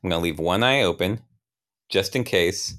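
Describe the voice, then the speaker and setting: Low, smooth-voiced man narrating a memory. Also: normal speed, a bit bright. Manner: rambling, self-interrupting, wry. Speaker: player narrating his character. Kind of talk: improvised tabletop role-play narration.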